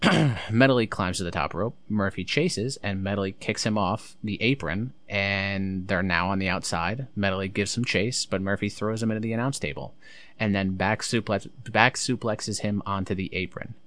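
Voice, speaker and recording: A man's voice: on the low side, moderate pace, fairly bright tone. A man recapping a wrestling show in casual commentary, blunt, sarcastic and swearing freely.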